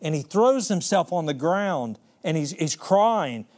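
A man preaching a sermon with a voice that sits a little high for a man. He is dramatic, dropping to soft, slow lines, then surging loud and fast. He often restarts and repeats words as he builds a point. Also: animated.

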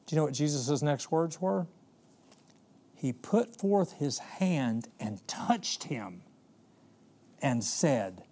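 A man preaching a sermon with a voice that sits a little high for a man. He is dramatic, dropping to soft, slow lines, then surging loud and fast. He often restarts and repeats words as he builds a point. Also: lively intonation.

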